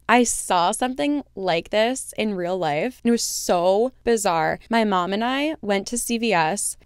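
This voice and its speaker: A woman hosting a podcast, reading a story aloud and then chatting about it in a casual, animated way with lots of "like.". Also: mid-range voice, clean tone, no echo, studio quality. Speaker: podcast host reading and discussing stories.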